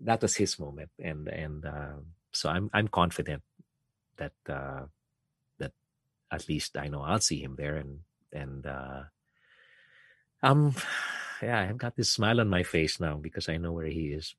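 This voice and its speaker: Podcast guest, middle-aged man, very deep and husky, halting and reflective. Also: no room sound. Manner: soft-spoken, halting, reflective. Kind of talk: casual heartfelt conversation.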